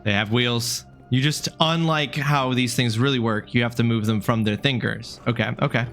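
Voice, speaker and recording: A man talks his way through a video game live at a middling pitch, keeping up an easy running chat with viewers. He apologizes readily and drops the odd swear word, and faint music sits under his voice. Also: moderate pace, a bit bright. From Canada. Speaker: game streamer. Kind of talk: live let's-play commentary.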